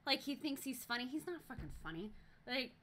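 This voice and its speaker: Bright-voiced young woman telling a livestream story. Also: high voice, brisk, a little hiss or hum. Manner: animated, profane, lots of fillers and restarts. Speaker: live streamer. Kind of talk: casual live-stream storytelling.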